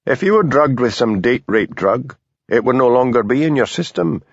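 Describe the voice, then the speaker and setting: Man doing a mild Highland Scottish constable. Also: animated, normal speed, vocal fry, slightly rough, dry recording. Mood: patient. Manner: mild, patient, blunt when annoyed. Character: patient, dry-witted Highland police constable. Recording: dull lo-fi audiobook recording.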